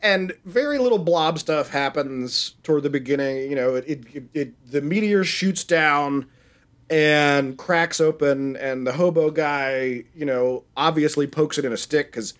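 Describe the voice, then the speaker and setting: A man in his thirties walks through a film's plot on a casual podcast, his voice pitched slightly high. He rambles, swears and keeps the telling animated. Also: measured pace. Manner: rambling, profane, animated retelling with laughs. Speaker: podcast co-host. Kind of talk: casual movie chat.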